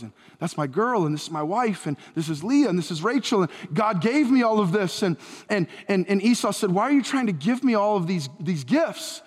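A man preaching a sermon as pastor, retelling a story with lively acted dialogue that often rises in pitch and volume when he quotes someone. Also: brisk, slightly rough. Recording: long hall reverb.

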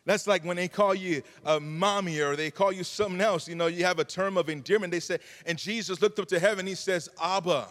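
A man delivers a sermon with a high-pitched voice. He preaches with a fervent, repetitive cadence. The sound carries a long reverb, as in a church sanctuary. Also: fairly even intonation, a little fast, few pauses, fairly bright tone.

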